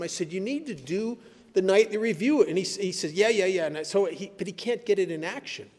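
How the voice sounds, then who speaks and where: A man speaking at a recovery meeting, telling stories in an animated way and laughing at his own tales. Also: high-pitched. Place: meeting hall. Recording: echoey hall recording.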